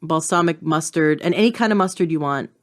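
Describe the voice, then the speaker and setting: A woman hosting a podcast in casual conversation, her voice sitting slightly low. She talks chattily, looping back with fillers and restarts. She laughs easily between thoughts. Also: a little fast. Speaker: podcast host.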